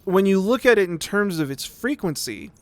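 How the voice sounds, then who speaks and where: His voice sits high with big pitch swings, moderate speed, and no room sound. While gaming, the male streamer wanders through music theory in a relaxed way, repeating himself and frequently asking "right?"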